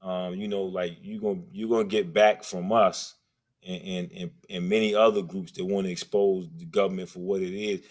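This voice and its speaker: A man with a very deep voice, calling in to the show. He talks earnestly and rambles, starting his sentences over. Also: level tone, moderate pace.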